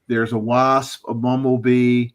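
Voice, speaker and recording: A man's voice: mid-range voice, slow. A man hosting a photography livestream, chatting casually and reading out viewer photo details. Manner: relaxed, chatty, reads out camera settings. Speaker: livestream host. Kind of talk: casual chat.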